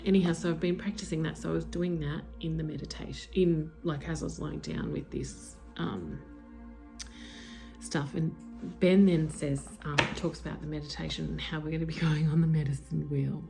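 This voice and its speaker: A vlogger with a low, dark, mellow voice and a gravelly edge tells an emotional personal story with excitement at a moderate pace, dropping into whispers, swearing now and then, and using lots of fillers. Faint music sits behind her on a lo-fi tablet-mic recording.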